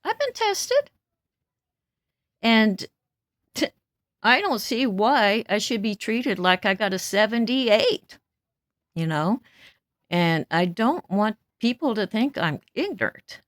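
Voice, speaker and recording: A woman's voice: on the high side, sing-song, takes it slowly, long pauses, dry recording, studio quality. A woman in her seventies venting in a blunt, stern, outspoken way, breaking into laughs between remarks. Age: 70s. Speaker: vlogger. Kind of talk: casual venting monologue.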